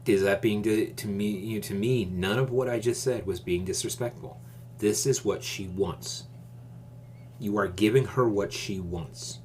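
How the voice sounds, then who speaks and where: A man hosting his own channel, giving advice in a calm, measured, deliberate casual monologue. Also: lowish voice, a little hiss or hum.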